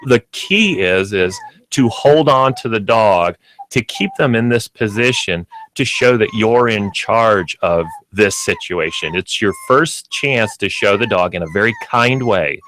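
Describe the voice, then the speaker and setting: Brief: male radio host and dog trainer, lowish voice, lively animated delivery, explains patiently step by step. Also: a little hiss or hum. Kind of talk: instructive radio talk.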